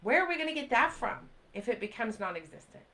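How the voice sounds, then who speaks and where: A fortysomething woman livestreaming speaks directly to her audience with urgency and pleading, repeating phrases for emphasis while responding to comments in real time. Her voice is fairly high, sing-song, quick and sharp-toned, and the recording quality is poor.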